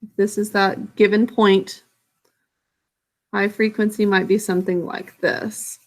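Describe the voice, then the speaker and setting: A woman's voice: mid-range voice, flat delivery, a little slow. A woman teacher explaining a science lesson in a casual, self-correcting way to young students. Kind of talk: recorded classroom lesson.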